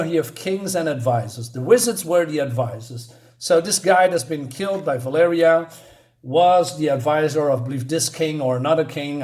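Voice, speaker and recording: A man's voice: fairly high pitch, darkish tone. A man giving a rambling, exasperated and sarcastic comic book review, full of restarts and mocking asides. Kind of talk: casual review monologue.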